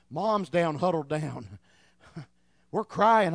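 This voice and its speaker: A man in his thirties preaching a sermon in church, telling a story in an animated way and repeating words as he gets excited. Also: a little high, very slow, creaky, no echo. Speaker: pastor.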